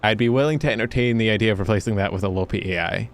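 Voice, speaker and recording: Scottish man, lowish voice, joking streamer. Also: very fast. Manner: chatty, joking, swears freely, talks to chat while playing. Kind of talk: casual game-stream chat.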